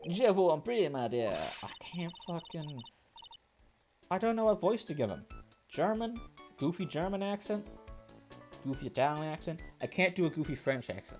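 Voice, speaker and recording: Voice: mid-range voice, darkish tone. A let's player giving crude, sardonic commentary while reading a game aloud.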